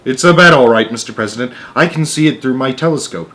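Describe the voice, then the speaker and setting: A man's voice: mid-range voice, fast talker, fairly bright tone, lightly acted. A man voicing an eager, fawning male astronaut in a storybook read-aloud.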